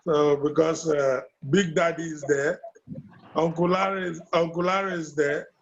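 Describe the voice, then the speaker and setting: A man's voice: fairly high pitch, fairly even intonation, moderate pace, gravelly, muffled recording. A man teasing playfully on a video call. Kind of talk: casual chat on a video call.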